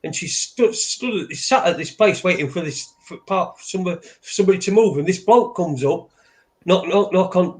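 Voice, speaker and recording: A man's voice: high voice, fairly quick. Rambling man, profane. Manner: rambling, profane, restarts often. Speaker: podcast co-host. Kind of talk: casual storytelling chat.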